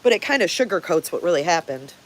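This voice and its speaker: A woman's voice: on the low side, big pitch swings, quick pace. An older woman hosts a casual livestream and answers her viewers one by one. She is blunt and swears freely, with frequent chuckles. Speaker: livestream host.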